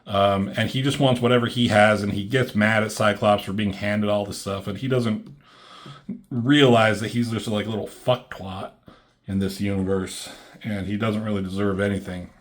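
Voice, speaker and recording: A man's voice: on the low side, fairly even intonation, normal speed. A man casually reviewing a comic book, rambling and swearing freely, with lots of ums and likes. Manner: rambling and profane, many fillers like "um" and "like".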